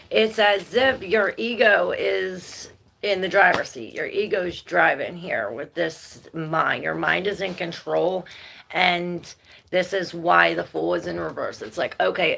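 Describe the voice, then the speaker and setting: A woman's voice: on the low side, creaky, a bit bright. A woman giving a casual, rambling tarot reading, thinking aloud and laughing and swearing now and then. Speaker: tarot reader.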